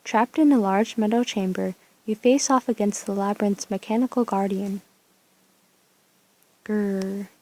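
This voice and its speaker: A woman reading a story game aloud, with deadpan, low-key asides. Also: moderate pace, few pauses, low-quality recording.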